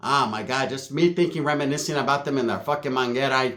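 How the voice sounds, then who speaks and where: With a medium pitch and a quick pace that leaves hardly any pauses, a Northern Californian man recounts a comedic street story. It's profane and full of slang, delivered animatedly with acted-out sound effects.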